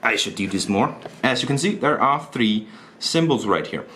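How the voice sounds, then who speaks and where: A man's voice: medium pitch, expressive, normal speed. A man, a board game reviewer rambling casually through the rules and his opinions, often restarting his sentences. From Denmark. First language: Danish. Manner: rambling, restarts often, self-deprecating asides. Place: indoors at a table. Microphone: camera mic, self-recorded. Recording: roomy echo, faint background noise.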